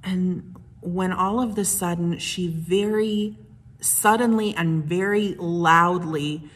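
Husky-voiced woman pastor preaching gently. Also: lowish voice. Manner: gentle, unhurried storytelling with soft hushed moments. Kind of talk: sermon with personal stories.

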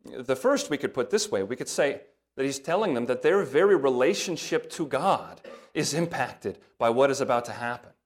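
A male pastor preaching a sermon, reading scripture aloud with rising emphasis and dropping into quieter asides. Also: lively intonation, normal speed. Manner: breaks into soft asides in a lower voice.

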